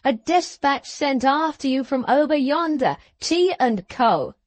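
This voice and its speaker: Hoarse messenger rider, insistent, raised voice, read by a woman. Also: high voice, lively intonation, a little slow, no room sound, pitched above the performer's own voice. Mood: calling.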